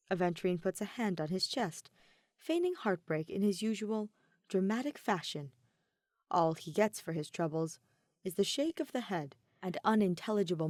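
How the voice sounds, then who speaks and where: A woman reading a fan fiction story aloud in a steady, measured audiobook narration. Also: medium pitch, no room sound, clean studio sound. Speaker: podfic reader.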